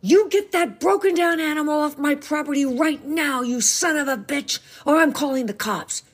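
A woman reading the lines of a furious father who shouts and swears at a relative. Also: sits high, normal speed, voice pushed up, close to an everyday voice. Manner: yelling, cursing in a rage. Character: furious swearing father yelling at his brother-in-law.

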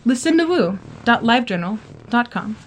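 A woman with a high, bright-pitched voice reads a first-person story aloud. She delivers it in a chatty, gossipy manner, leaning into the drama of each line. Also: sing-song, moderate pace, a little hiss or hum. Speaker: guest story reader.

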